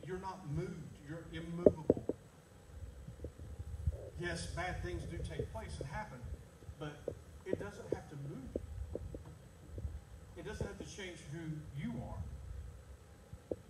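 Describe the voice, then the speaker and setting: A man's voice: a little high, slow pace, long pauses. A middle-aged man preaching a sermon, telling a story with emphatic, repeated phrases. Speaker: pastor. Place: church sanctuary. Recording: echoey room, far from mic, loud background noise.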